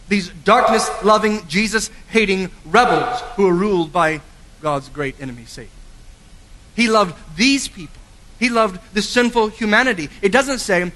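A man preaching a sermon with earnest emphasis, swinging from forceful lines to quiet, low endings. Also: expressive, normal speed. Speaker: pastor. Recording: long hall reverb.

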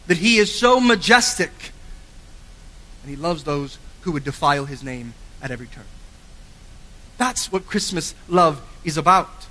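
A man preaching a sermon with earnest emphasis, swinging from forceful lines to quiet, low endings. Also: animated, measured pace, pauses often. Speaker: pastor. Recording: long hall reverb.

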